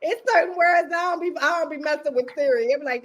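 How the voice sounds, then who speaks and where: An older woman with a Baltimore accent, casually chatting and laughing as a podcast co-host, her voice worn down and going hoarse. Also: high-pitched, fast. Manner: laughing, animated, teasing. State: losing her voice. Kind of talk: casual chat.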